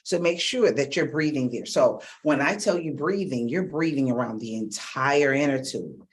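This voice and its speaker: A woman's voice: a bass voice, slight background noise. Upbeat middle-aged woman vocal coach. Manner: energetic and encouraging, checking in with "okay?" and "all right?"; brisk, direct instructions. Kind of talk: guided vocal warm-up lesson.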